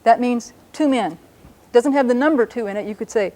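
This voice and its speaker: A woman teaching a language lesson on a broadcast show, patiently explaining and slowing down to sound out words. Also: mid-range voice, dark tone.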